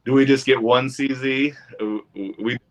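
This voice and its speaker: A man's voice: medium pitch, fairly even intonation, measured pace. A man, a guest on a podcast, chatting casually and talking at length, piling up dates and figures.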